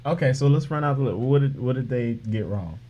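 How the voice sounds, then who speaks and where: A man's voice: mid-range voice, expressive, brisk, lo-fi sound. A man co-hosting a casual podcast, giving short, laid-back prompts and replies. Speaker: podcast co-host.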